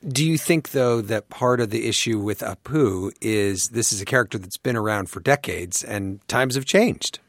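A man's voice: lowish voice, normal speed, few pauses, no echo, studio quality. A man hosting a radio interview, asking probing questions. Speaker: host.

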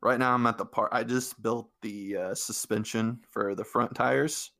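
A man's voice: on the low side, steady tone, measured pace, creaky, pushed and bright. A young man co-hosting a casual podcast, a new father, talking in an easygoing way and laughing often. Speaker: podcast co-host.

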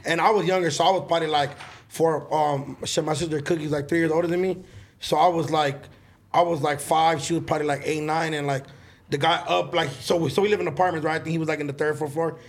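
A man's voice: on the high side, fairly even intonation, fast. A man in casual chat telling a childhood story in a rambling, hesitant way.

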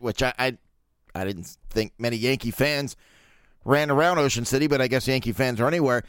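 Crude, joking podcast host from Baltimore. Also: male voice, medium pitch, a little fast, a bit bright, clear, resonant tone, no echo, clean studio sound. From Baltimore, USA. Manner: crude, joking, rambling with fillers. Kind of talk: casual solo podcast chat.

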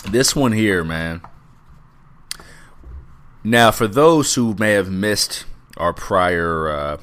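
Slow-talking laid-back podcast guy. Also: low-pitched, a bit bright. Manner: laid-back, profane, drawn-out recaps. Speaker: podcast co-host. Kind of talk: casual wrestling chat.

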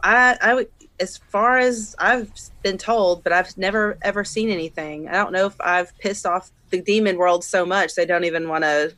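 A woman's voice: medium pitch, moderate pace, fairly bright tone, no echo. A woman who has worked in hospitals, chatting animatedly with some hesitant restarts. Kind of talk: casual chat.

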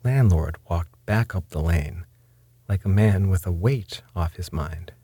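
Slow, deep-voiced man reading a story. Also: dark tone, slightly rough, no room sound. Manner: measured, wry first-person narration.

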